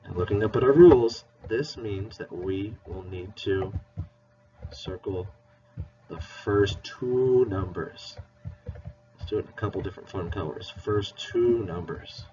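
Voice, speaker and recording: Recorded from a distance on dull lo-fi audio with faint hiss, a man with a lowish, dark voice speaks unhurriedly. He's a teacher giving children a playful, encouraging math lesson and spells words out along the way.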